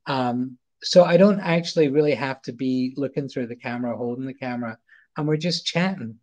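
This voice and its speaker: A middle-aged man with a Scottish accent tells a long anecdote in a loose, chatty way. He stumbles, repeats words and circles back as he goes, at a medium pitch. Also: brisk, darkish tone. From Scotland. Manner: rambling, repeats words and restarts often. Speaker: guest, photographer. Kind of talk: casual anecdote storytelling.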